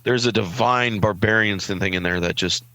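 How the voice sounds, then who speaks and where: A man's voice: fairly low pitch, normal speed, bright, forceful tone, no room sound. A man acting as dungeon master, casual and laughing, swearing freely on an online call. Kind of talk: running a tabletop game, casual chat.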